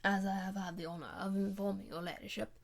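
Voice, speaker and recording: Woman voicing an aristocratic nobleman, audiobook, gravelly, stiff and courtly, aloof. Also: medium pitch, fairly even intonation, fast. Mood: cool, formal. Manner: stiffly polite, clipped courtly phrasing. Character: aristocratic English nobleman, coolly formal and aloof. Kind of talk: audiobook character reading.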